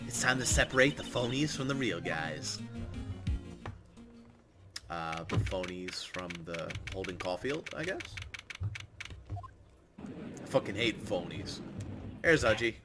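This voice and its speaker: A man joking and swearing through casual game commentary, his pitch lively and animated. Game music plays clearly behind him. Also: slow, long pauses. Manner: profane, joking, reads dialogue aloud. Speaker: let's play commentator.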